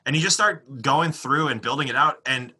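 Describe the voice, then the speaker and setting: A man's voice: medium pitch, normal speed, sharp tone, husky. A man co-hosting a casual podcast chat about movies, reflective with jokey asides. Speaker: podcast co-host.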